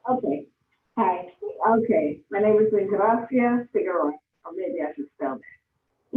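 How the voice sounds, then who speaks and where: A woman makes an impassioned public comment, earnest and pleading, and she slows her words on purpose. Her voice arrives through a thin, phone-like line that sounds far off and roomy, with a light hiss underneath. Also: medium pitch, animated. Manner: earnest and pleading, slowing down deliberately. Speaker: public commenter and advocacy board member. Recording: tinny, echoey phone line from a distance.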